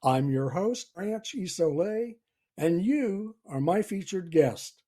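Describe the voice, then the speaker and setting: A host tells a story in an unhurried, folksy way. His voice is mellow and slightly husky, and his pitch rises and falls a lot. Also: expressive. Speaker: podcast host. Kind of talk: storytelling and self-help talk.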